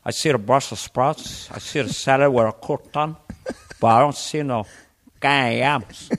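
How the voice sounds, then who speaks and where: A man's voice: mid-range voice, measured pace, a bit bright. A man voicing a swaggering gangster who complains at a holiday dinner table. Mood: aggrieved. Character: Cuban gangster griping at a Thanksgiving table.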